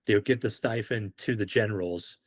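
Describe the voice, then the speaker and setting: A man's voice: lowish voice, brisk. A man from the United Kingdom, a former Marine on a podcast, telling stories casually and acting out the dialogue. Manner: animated, acts out quoted dialogue. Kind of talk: casual storytelling.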